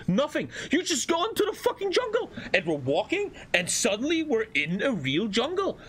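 A young German man with a German accent, chatting casually on a stream and telling animated stories with plenty of swearing. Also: sits high, a little fast, hardly any pauses, slightly rough. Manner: animated storytelling, swears a lot, acts out voices. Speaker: streamer reacting to a video. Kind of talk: casual reaction stream chat.

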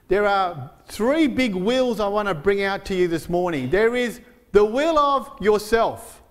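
Man, pastor, high voice, earnest sermon, fillers and restarts, slowed emphasis on verses. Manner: frequent fillers and restarts while preaching.

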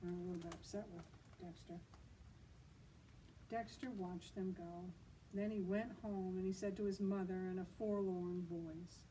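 A woman librarian reading a picture book at a children's storytime, gently asking her listeners questions as she goes. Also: on the low side, steady tone, moderate pace, distant mic, a little hiss or hum, rough recording. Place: outdoors.

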